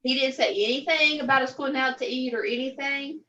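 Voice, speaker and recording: Woman, high voice, blunt and salty, story chat, off-mic, muffled. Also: steady tone, a little fast, sharp tone, distant mic, a little hiss or hum.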